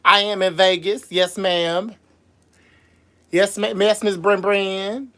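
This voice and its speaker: A man who performs as a drag MC, hosting a casual livestream from Las Vegas, reading out viewer comments and answering them in an animated, sassy way. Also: high-pitched, takes it slowly. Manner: animated and sassy, calls viewers girl and boo, frequent laughs.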